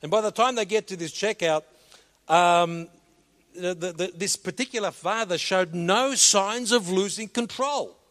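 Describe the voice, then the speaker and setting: A male preacher, giving an animated sermon and telling a story, often repeating words as he starts a sentence. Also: high voice, unhurried. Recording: long reverb of a large hall.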